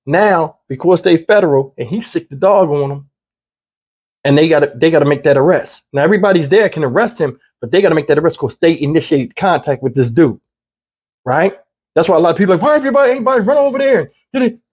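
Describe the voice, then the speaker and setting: Husky high-voiced man commenting bluntly. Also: brisk, a little mellow. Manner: conversational, blunt, repeats points. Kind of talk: casual commentary.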